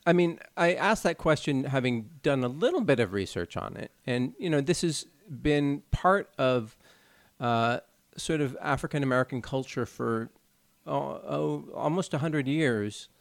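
A man's voice: mid-range voice, animated, unhurried, gravelly, no echo. A man co-hosting a podcast in casual chat, earnestly explaining things at length. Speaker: podcast co-host.

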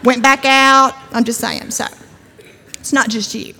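A woman's voice: sits high, steady tone, measured pace, sharp tone. A woman giving a conversational, emphatic sermon-style talk at a church event, with humor and frequent asides. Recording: long hall reverb.

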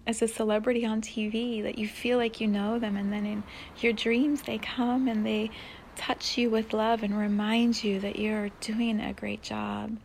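A woman hosting a spiritual podcast, talking in a soft, dreamy way that often sinks into a breathy whisper. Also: fairly high pitch, slight background noise. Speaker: podcast host.

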